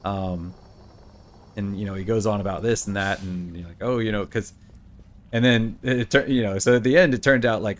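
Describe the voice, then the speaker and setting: At a moderate pace and steady tone, a middle-aged man with a lowish voice hosts his gaming channel, chatting loosely as he plays. He meanders through stories and quotes different voices.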